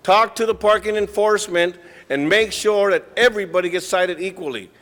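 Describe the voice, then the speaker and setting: A man's voice: high voice, a little fast, fairly bright tone, in a large hall. A man giving a firm, lecturing public comment at a city council meeting, speaking into a podium microphone in the council chamber.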